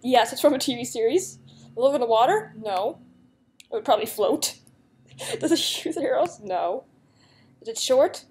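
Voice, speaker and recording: Giggly young woman, slightly high voice. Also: animated, a little slow, pauses often, darkish tone. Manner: giggly, chatty, reads questions aloud. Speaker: YouTuber playing a guessing game. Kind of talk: casual gameplay commentary.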